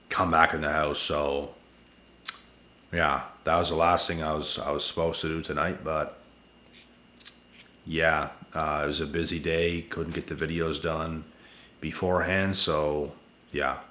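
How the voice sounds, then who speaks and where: A man's voice: very deep voice, flat delivery, a little slow, pauses often, pushed and bright, reverberant, a little hiss or hum. A man hosting his channel, giving relationship advice in a blunt, repetitive casual monologue late at night, sounding tired and talking to viewers as guys and bro. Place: at home indoors.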